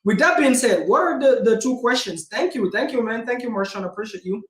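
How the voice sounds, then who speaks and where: In a slightly fast, high-pitched, punchy delivery, a man who invests in real estate and runs a channel gives a casual motivational vlog. He's direct and energetic, keeps saying "guys," and records in an echoey indoor room in front of a DIY backdrop.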